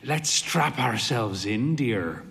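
A man's voice: medium pitch, expressive, slow, gravelly, a bit bright, exaggerated voice. A man voicing a fey, thin, mischievous man in late middle age who croons and jokes. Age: middle-aged. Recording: long hall reverb.

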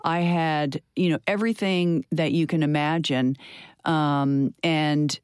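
A woman's voice: low-pitched, fairly even intonation, slow, darkish tone, smooth, no echo. Older woman, interview guest, candid and earnest, dry close sound. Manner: earnest, candid, with frequent fillers and restarts. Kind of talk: personal storytelling in an interview.

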